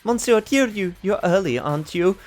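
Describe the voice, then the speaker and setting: A man's voice: sits high, expressive, moderate pace, darkish tone, voice pushed up. A man voicing a nervous, polite young woman in a video game who is frightened of zombies and speaks formally. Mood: relieved, anxious. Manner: polite, anxious, addresses him formally.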